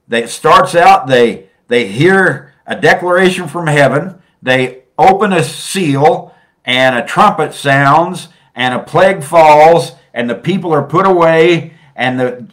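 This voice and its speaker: Fervent male preacher with a high-set voice. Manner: preaching with sudden swings between soft and loud. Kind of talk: sermon.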